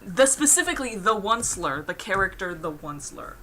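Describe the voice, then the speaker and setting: A woman's voice: mid-range voice, very animated, fairly quick, bright, forceful tone, slight background noise. A young woman chatting casually on an art stream, rambling with lots of fillers. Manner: rambling, lots of "like" fillers, laughs through stories. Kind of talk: casual chat while drawing on stream.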